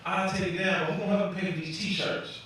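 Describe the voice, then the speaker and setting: A man's voice: high voice, fairly even intonation, fast. A man doing a stand-up set in a comedy club, telling loose stories and acting out his family members. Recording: echoey club from far off, noisy.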